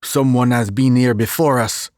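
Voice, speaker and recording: A man voicing a fussy, vain, excitable middle-aged Belgian detective who drops French phrases, in an audiobook reading. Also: mid-range voice, moderate pace, no room sound, studio quality, close to an everyday voice.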